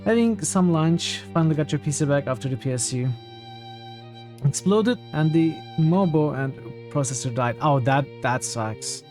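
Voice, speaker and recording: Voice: medium pitch, moderate pace, darkish tone, faint music behind. A game streamer giving casual gameplay commentary, thinking aloud and chatting with viewers.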